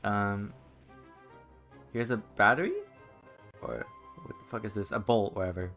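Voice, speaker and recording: Gravelly young man swearing at a game. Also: fairly low pitch, unhurried, pushed and bright. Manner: frustrated, swearing, self-mocking. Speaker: gaming channel host. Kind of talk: casual let's-play commentary. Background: game music.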